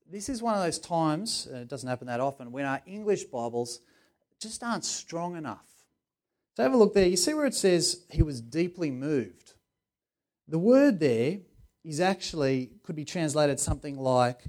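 A middle-aged man preaching a sermon in an earnest, conversational way, with sudden loud emphasis on key words. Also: fairly high pitch, big pitch swings, moderate pace. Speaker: pastor.

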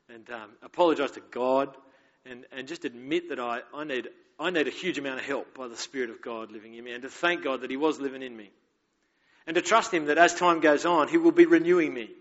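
A man's voice: mid-range voice, a bit bright. A man preaching a sermon as pastor, candid and conversational, telling stories with self-mocking humor. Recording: dull echoey hall recording.

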